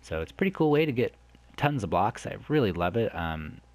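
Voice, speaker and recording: A man hosting a let's play, chatting to viewers in a rambling way and exclaiming loudly when something surprises him. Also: fairly low pitch, big pitch swings, a little fast, dry recording. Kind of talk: gameplay commentary.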